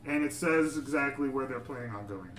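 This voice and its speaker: A man's voice: medium pitch, fairly quick, a bit bright. A young man narrating as game master, casual and laughing as he banters with players. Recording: echoey room with music behind.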